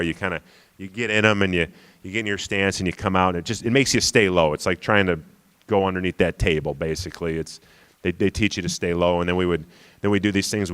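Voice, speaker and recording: A man's voice: fairly low pitch, a bit bright. A man in his forties giving a storytelling lecture to an audience, conversational and self-deprecating, often asking "right?". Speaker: guest lecturer.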